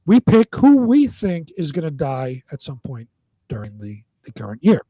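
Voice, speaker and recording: Higher-pitched man, hesitant co-host. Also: wildly swooping pitch, moderate pace, mellow, no echo. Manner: hesitant, many fillers and restarts, reads out lists. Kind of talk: casual live-stream chat.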